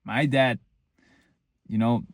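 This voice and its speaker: A young man speaks casually to his viewers, earnest and meandering, circling back on his own sentences. His voice sits at an ordinary middle pitch. The sound is dry and close, with no room around it. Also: steady tone, takes it slowly, dry recording. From Germany. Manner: earnest, rambling, many restarts and fillers. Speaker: vlogger. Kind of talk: casual talk to camera.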